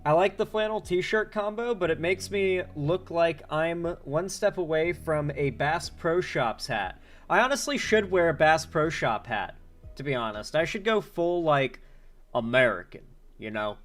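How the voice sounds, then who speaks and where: Man, live streamer, casual rambling chat, fillers, slightly high pitch, soft background music. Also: animated, measured pace. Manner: rambling, filler-heavy, joking. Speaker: streamer, political commentator.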